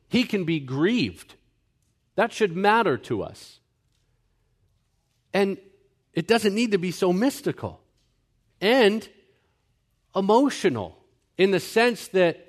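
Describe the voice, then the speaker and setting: Earnest young man preaching a sermon. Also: on the high side. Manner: earnest, mimics people in quoted asides. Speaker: pastor. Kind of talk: sermon teaching.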